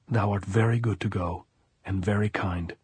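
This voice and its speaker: A man reading the part of a calm, resolute wounded American man who speaks firmly and gently. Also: lowish voice, moderate pace, husky, no room sound. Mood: tender, insistent. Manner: calm and firm, gently commanding.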